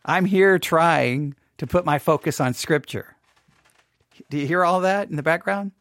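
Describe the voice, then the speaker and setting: A man hosting a Bible podcast, chatting casually and restarting his sentences, then reading scripture slowly and solemnly. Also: fairly high pitch, fairly bright tone, no echo. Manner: chatty and self-interrupting, reads scripture in a slow solemn cadence. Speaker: podcast host and Bible teacher. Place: small home studio.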